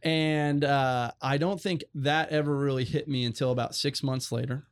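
Young man, mid pitch, dry sound. Earnest guest telling a rambling personal story. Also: steady tone, normal speed, clear, resonant tone, no echo.

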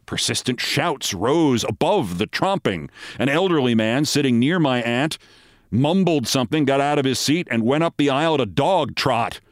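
A man's voice: medium pitch, animated, normal speed, no room sound, clean studio sound. A man reading a humorous story aloud in a vivid, dramatic storytelling manner. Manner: vivid storytelling, loudly acting out shouted cries.

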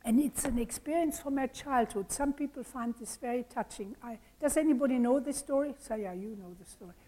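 Older lady giving a retreat talk, high voice but mellow, slow and pausing, lots of uhs. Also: rough recording. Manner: measured, with pauses and fillers. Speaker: retreat leader and lecturer. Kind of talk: lecture with a story read aloud.

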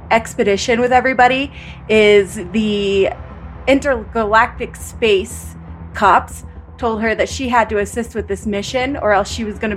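A woman speaking at an unhurried pace introduces her tabletop game character. She sounds relaxed and easygoing. Faint music plays behind her. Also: mid-range voice. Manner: relaxed, laughs easily. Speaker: player.

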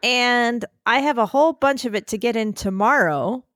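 A woman co-hosting a podcast in casual chat, animated and slightly breathy, recording from a makeshift spot in a puppy pen. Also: a little high, normal speed, dry recording, studio quality. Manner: animated, keeps addressing her co-host by name, acts out quotes. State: a little breathy. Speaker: podcast co-host.

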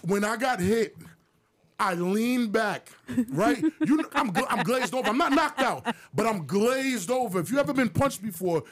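A man co-hosting a podcast who tells a story in a casual, animated way, with plenty of swearing, and puts on the voices of the people in it. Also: very high-pitched, moderate pace. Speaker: podcast co-host.

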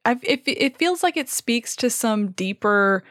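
A woman's voice: fairly high pitch, animated, a little slow, a bit bright, no room sound, clean studio sound. A woman guest on a podcast, giving frank, opinionated takes. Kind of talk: casual podcast discussion.

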